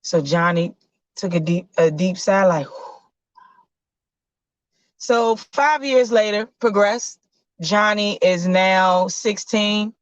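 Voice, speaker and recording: A woman telling a casual, slangy story, often pausing and correcting herself. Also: mid-range voice, no echo. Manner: relaxed, slangy, with fillers and self-corrections. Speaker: podcast host. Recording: dull lo-fi sound.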